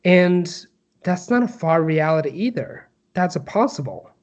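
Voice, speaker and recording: Turkish-accented young man, halting testimony. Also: sits high, expressive. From Turkey. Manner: halting, many fillers and restarts. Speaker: guest. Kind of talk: personal testimony in interview.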